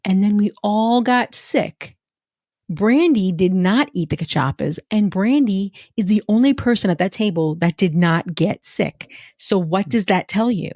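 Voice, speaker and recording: A woman co-hosting a podcast in casual chat, telling animated stories and laughing often. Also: medium pitch, measured pace, dry recording, clean studio sound. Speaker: podcast co-host.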